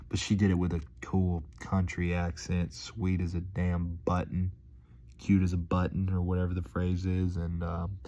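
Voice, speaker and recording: Speaking in a low-pitched, mellow voice, a young man chats loosely with his viewers as a vlogger. His talk is relaxed, full of slang, and wanders around with plenty of filler words.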